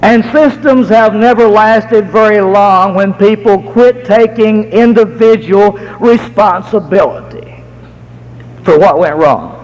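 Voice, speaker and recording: A middle-aged American man preaching a sermon, telling folksy stories and slowing down to stress key words. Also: high-pitched, darkish tone, big-room sound, rough recording. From United States.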